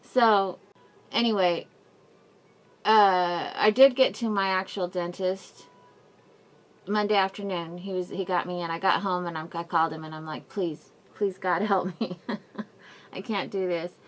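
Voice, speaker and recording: A woman's voice: lowish voice, steady tone, a little slow. A woman vlogging a personal update, rambling and apologetic, in pain and near tears. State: in mouth pain, crying at times. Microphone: camera mic, wearing a face mask.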